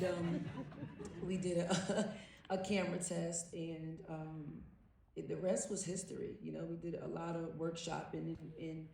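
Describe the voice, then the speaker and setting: Animated woman in an echoey hall. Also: fairly low pitch, moderate pace, gravelly, slight background noise. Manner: animated, laughing, slangy storytelling. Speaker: panel guest actor. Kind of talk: casual panel storytelling. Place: large event hall. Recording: echoey hall, distant mic.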